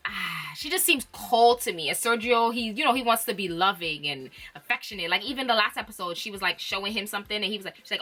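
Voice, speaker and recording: A young woman casually recapping reality TV, opinionated and animated, often laughing. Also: mid-range voice, fast, few pauses, soft background music. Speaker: reality TV commentator.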